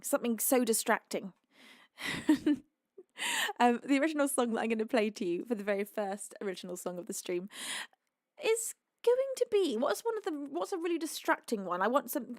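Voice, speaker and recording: A woman's voice: fairly high pitch, no room sound, clean studio sound. A young British woman hosting a live music stream, bubbly and affectionate as she thanks viewers, laughing often and teasing them in mock-stern tones. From United Kingdom. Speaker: livestream singer host.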